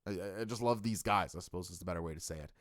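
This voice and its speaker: A man's voice: deep voice, racing, no echo, clean studio sound. Rambling, enthusiastic middle-aged male streamer. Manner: enthusiastic, rambling, with many fillers and restarts. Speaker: wrestling stream host. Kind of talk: live-stream show review.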